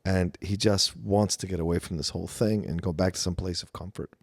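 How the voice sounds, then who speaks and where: A man's voice: deep voice, fairly even intonation, a little fast, no echo, studio quality. A man in a casual film podcast, giving emphatic, pointed opinions about a character. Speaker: podcast guest.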